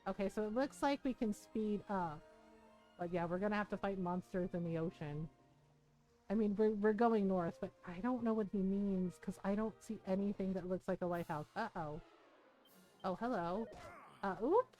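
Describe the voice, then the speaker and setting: A woman's voice: mid-range voice, normal speed, soft background music. A woman streaming a game, chatting casually and laughing as she plays. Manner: chatty, laughing, animated impressions. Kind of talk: casual live-stream commentary.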